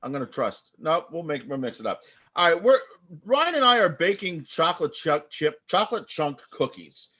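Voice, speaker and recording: A man hosting a live improv comedy show over a video call, talking in an excitable, rambling way. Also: on the high side, normal speed. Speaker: improv host.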